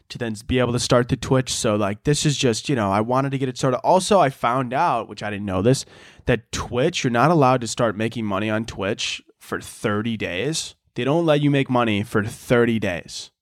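A man's voice: mid-range voice, expressive, moderate pace, no room sound, clean studio sound. A man hosting a podcast alone, rambling casually and mocking himself with plenty of swearing. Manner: rambling, profane, self-mocking. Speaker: podcast host. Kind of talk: casual solo chat.

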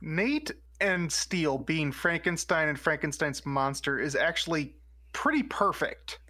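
Bright-voiced podcast co-host, earnest. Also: mid-range voice, expressive, measured pace. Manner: earnest, defends the show. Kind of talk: casual chat reviewing a TV episode.

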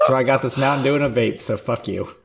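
A man's voice: mid-range voice, quick pace, vocal fry, background noise. A man in his thirties on a podcast panel, sarcastic and swearing a lot in casual banter. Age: 30s. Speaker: podcast co-host.

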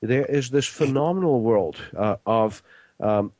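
A man's voice: mid-range voice, animated, measured pace, a little mellow, no echo. A man hosting a health radio talk show in casual, rambling speech with many fillers.

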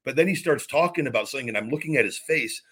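A man's voice: medium pitch, lively intonation, rapid-fire, fairly bright tone, slightly rough. A man in his forties, a former wrestler hosting a podcast, telling a long story in a rambling, casual way, with many repeats and restarts and some swearing.

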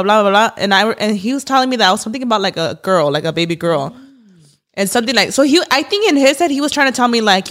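A woman in her late twenties, co-hosting a podcast, telling a story in animated, profanity-laden casual chat with the odd Spanish word. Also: on the high side. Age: late 20s. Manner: animated storytelling, heavy swearing, code-switches Spanish words. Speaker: podcast co-host.

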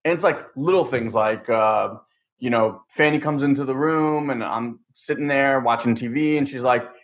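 A man's voice: medium pitch, normal speed. A man in casual chat, telling a personal story candidly, rambling with many fillers.

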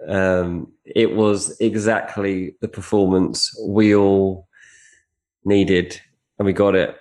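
A man from England with a fairly low voice co-hosts a casual football podcast. He talks in teasing, gloating banter. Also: level tone, slow pace, darkish tone. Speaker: podcast co-host, transfer pundit.

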